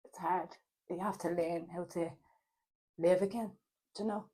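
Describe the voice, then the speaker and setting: A woman from Ireland with a Dublin accent, a podcast guest in casual chat, hesitant with many fillers, animated when telling stories. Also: on the low side, a little slow, slightly rough.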